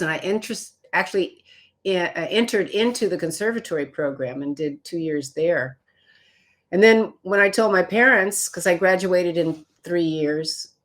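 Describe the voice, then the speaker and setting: An older woman from Chicago telling stories about her career in an interview, acting out other people's lines. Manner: animated storyteller, acts out quotes in higher voices. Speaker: guest. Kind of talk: storytelling interview.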